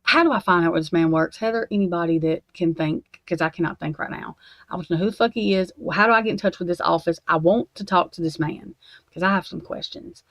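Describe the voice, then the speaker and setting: A woman's voice: lowish voice, quick pace, a bit bright, dry recording. A woman at her desk at home, ranting angrily and swearing as she reacts to true crime documents. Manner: angry, profane ranting.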